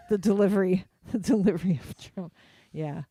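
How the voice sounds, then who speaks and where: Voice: mid-range voice, normal speed, dark tone, dry recording. A radio show host in a casual studio chat, rambling with many fillers and restarts, and now and then acting out quoted voices.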